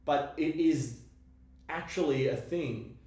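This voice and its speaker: A man co-hosting a film discussion podcast, making his points in a measured, analytical way. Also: fairly high pitch, warm tone. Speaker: podcast co-host. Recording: very echoey room.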